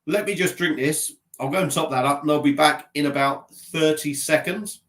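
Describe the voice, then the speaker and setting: A man with a slightly blocked nose rambles through a relaxed live stream from his desk at home. He laughs at himself, trails off and restarts often, and talks into a laptop mic. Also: on the high side, moderate pace. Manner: rambling, self-mocking, chatty, reading out comments. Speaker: beer vlogger live-streaming. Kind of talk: casual live-stream chat.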